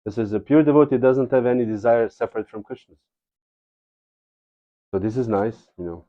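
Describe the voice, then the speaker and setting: A spiritual teacher gives a devotional lecture, telling stories casually and digressively while often slipping in "you know." His voice is mid-range and dark-toned, his pace moderate, and the audio dull.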